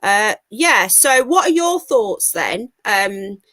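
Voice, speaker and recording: A woman's voice: mid-range voice, sing-song, takes it slowly, pushed and bright, no room sound. A woman from England hosting a live call-in stream, chatting casually and greeting viewers as she gossips. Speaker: live call-in show host.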